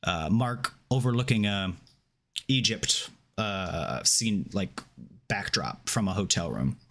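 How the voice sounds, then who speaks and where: A man's voice: fairly low pitch, slow, slight background noise. Chatty man recapping an episode. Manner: animated retelling with filler words. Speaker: podcast co-host. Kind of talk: casual chat.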